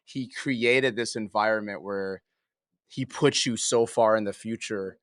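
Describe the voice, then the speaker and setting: A man's voice: on the low side, a little slow, fairly bright tone, no echo, studio quality. A man hosting a podcast, reflecting on what he heard and thinking aloud with many fillers. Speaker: podcast host. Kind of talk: casual podcast chat.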